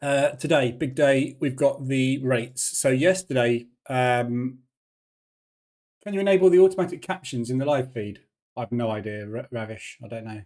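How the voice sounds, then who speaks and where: A man's voice: mid-range voice, steady tone, moderate pace, darkish tone. Rambling man hosting a live trading stream. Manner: chatty, rambling, many fillers and restarts. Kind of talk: live-stream market commentary. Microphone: faulty mic.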